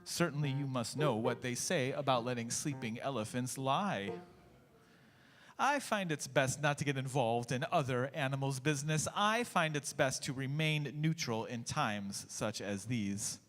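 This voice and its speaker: A man's voice: mid-range voice, animated, fairly bright tone. A man doing a smug aloof giraffe. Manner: condescending, measured. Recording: echoey church hall, faint music.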